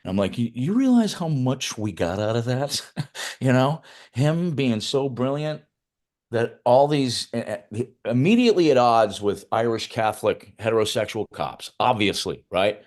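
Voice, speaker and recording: A man's voice: mid-range voice, animated, moderate pace, a little mellow. A middle-aged man, a film writer-director, telling loose, profane anecdotes in a casual interview, with frequent restarts.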